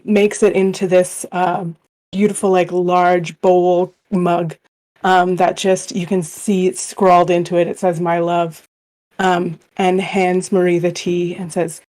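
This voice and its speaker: A woman's voice: fairly low pitch, a little mellow. A woman playing a tabletop game, narrating a scene in a hesitant way with many fillers. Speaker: player.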